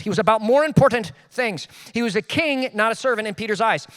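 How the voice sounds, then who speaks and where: A man preaching a sermon as a pastor, with sudden loud emphases and self-deprecating asides. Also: high-pitched, expressive, brisk, in a large hall.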